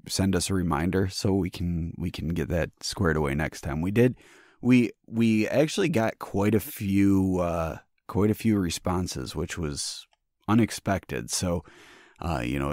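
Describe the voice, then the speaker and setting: Deep-voiced joking male podcast host. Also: darkish tone, no echo, clean studio sound. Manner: joking, profane, halting restarts. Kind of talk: casual chat.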